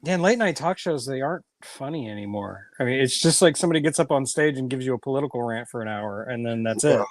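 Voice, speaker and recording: A man's voice: mid-range voice, lively intonation, quick pace, dry recording, clean studio sound. A man in a casual livestream chat, chiming in with short agreeing remarks and wry complaints.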